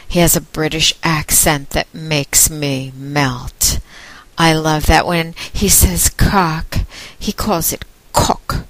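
Brief: woman, low-ish voice, slow and teasing, in command of her listeners. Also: fairly bright tone, dry recording, rough recording. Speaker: phone domination host. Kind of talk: slow recorded monologue.

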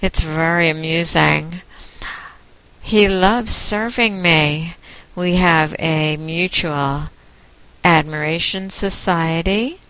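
Slow, commanding woman. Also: fairly low pitch, fairly bright tone, smooth, dry recording, low-quality recording. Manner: teasing, commanding, unhurried. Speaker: phone domination host. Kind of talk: slow recorded monologue.

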